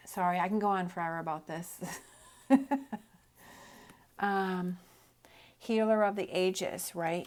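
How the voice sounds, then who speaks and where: Middle-aged woman, tarot reader, casual and encouraging, peppers her talk with "right?". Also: mid-range voice. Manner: upbeat, encouraging, keeps asking "right?".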